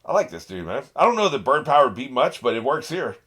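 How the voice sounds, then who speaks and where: A man's voice: mid-range voice, sing-song, fast talker, hardly any pauses, a bit bright, husky. A man reacting to an anime episode in casual commentary, getting worked up, laughing often and swearing at the characters on screen. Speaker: reaction channel host.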